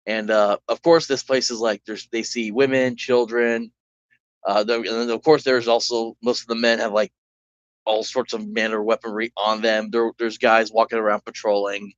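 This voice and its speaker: A man's voice: fairly low pitch, little pitch movement, moderate pace, no echo. A man running a solo tabletop game, narrating casually with rambling, self-correcting speech. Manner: rambling, full of "like" and restarts. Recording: dull lo-fi recording.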